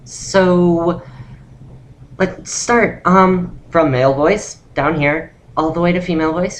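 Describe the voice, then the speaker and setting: A young woman giving a casual spoken voice-training tutorial, relaxed and rambling with lots of ums. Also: on the low side, takes it slowly, slight background noise. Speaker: vlogger teaching voice training.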